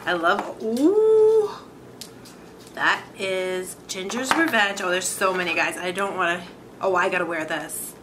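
A woman beauty vlogger excitedly unboxing makeup, gasping and gushing as she talks. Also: lowish voice, normal speed, noisy background. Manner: gushing, gasping, many "oh my god"s.

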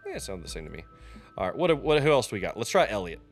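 A man talking through a software tutorial in a casual, loose way, often pausing with ums and restarting his sentences. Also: lowish voice, big pitch swings, soft background music. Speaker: streamer teaching a software tutorial. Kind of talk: casual screen-recorded tutorial.

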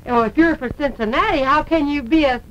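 A woman's voice: sits high, brisk, slight background noise. A woman hosting a 1950s live TV puppet show, chatting in an easygoing, friendly, amused way. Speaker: host. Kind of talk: casual chat with puppets. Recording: dull lo-fi 1950s TV recording.

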